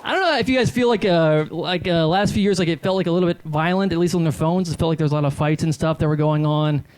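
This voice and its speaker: A man's voice: on the high side, fast, a little mellow, clean tone. A man in his thirties doing stand-up comedy, telling rambling, self-deprecating stories with many fillers into a handheld stage mic. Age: 30s.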